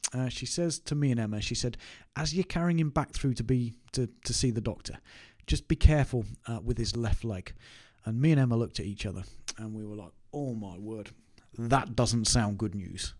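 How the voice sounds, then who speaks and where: A man, talking straight to camera in a loose, conversational way. He tells the story with self-mocking asides. His voice sits at an ordinary middle pitch. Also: darkish tone. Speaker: business owner vlogger. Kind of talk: casual anecdote to camera.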